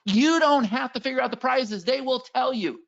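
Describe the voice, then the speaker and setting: A man hosting a live sales webinar, energetic and pushy, hyping up the chat and repeating himself. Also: very high-pitched, normal speed, creaky. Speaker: webinar host selling software. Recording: dull lo-fi webinar audio.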